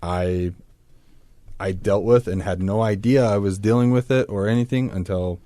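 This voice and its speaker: A man's voice: on the low side, moderate pace, mellow, dry recording. A man as a podcast guest, telling his personal story in an earnest, reflective way.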